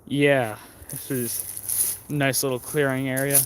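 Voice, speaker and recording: Walking through woods by a creek, a man chats casually on a livestream, rambling with many fillers and restarts. His voice is medium-pitched, a little slow, with little pitch movement, and faint outdoor noise sits in the background.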